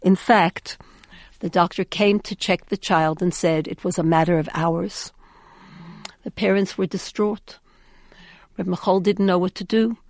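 A woman's voice: lowish voice, fairly even intonation, a little slow, long pauses, no room sound. A woman giving an inspirational storytelling talk in an earnest, emphatic way, often repeating words for weight. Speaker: inspirational speaker.

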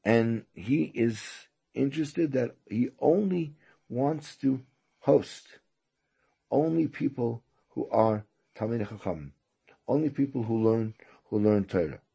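A man's voice: mid-range voice, animated, slow, vocal fry, mellow, slightly rough. A man, a rabbi, telling a story in a sermon, often stammering and repeating himself.

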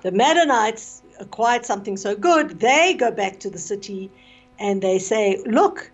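A woman retelling a story on the radio, expressive and with fillers, on a dull lo-fi recording. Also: medium pitch, normal speed, faint music behind.

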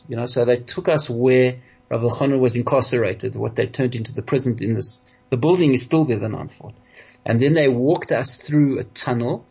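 A middle-aged man giving a sermon as a rabbi, heartfelt and halting, often restarting, with Hebrew religious terms worked into his speech. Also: medium pitch, creaky, a little mellow, breathy edge. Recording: dull lo-fi recording.

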